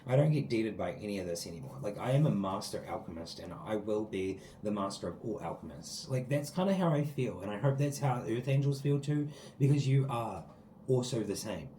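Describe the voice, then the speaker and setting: Earnest, rambling low-voiced man reading tarot. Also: expressive, fairly quick, warm tone, roomy sound, a little hiss or hum, poor audio. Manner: earnest, rambling, full of likes and ums. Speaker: tarot card reader. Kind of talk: spiritual tarot reading to viewers. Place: sitting outdoors.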